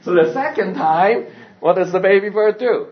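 Male pastor, storytelling sermon, fairly high voice, animated, muffled low-fi sound. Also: moderate pace. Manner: animated, laughs often, asks the audience questions. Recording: dull lo-fi recording.

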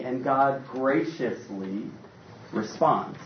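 A man preaching a sermon in an animated, conversational way with playful asides. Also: fairly high pitch, unhurried, slight background noise. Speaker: pastor. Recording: roomy, distant, dull sound.

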